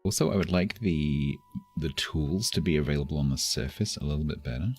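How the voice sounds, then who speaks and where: A man's voice: extremely low pitch, brisk, a little mellow, breathy edge, faint music behind. A man streaming a game live, chatting casually and chuckling as he thinks aloud. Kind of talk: casual live gameplay commentary.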